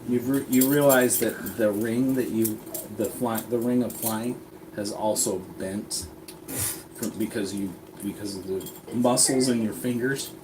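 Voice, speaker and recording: A man running a tabletop game as game master, narrating in a plain, halting way with fillers. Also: on the low side, fairly even intonation. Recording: distant mic with background noise.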